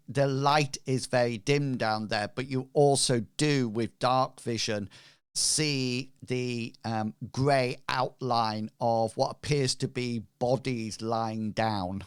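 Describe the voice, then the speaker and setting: A man narrating as game master, slow and hesitant with many pauses. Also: medium pitch, clean tone.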